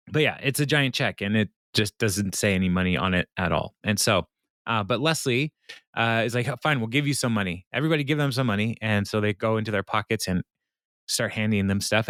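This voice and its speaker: A man's voice: lowish voice, moderate pace, a bit bright, dry recording, studio quality. A man co-hosting a podcast, casually recapping a sitcom episode with lots of fillers and laughter. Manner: rambling with many fillers, laughs often. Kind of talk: casual chat.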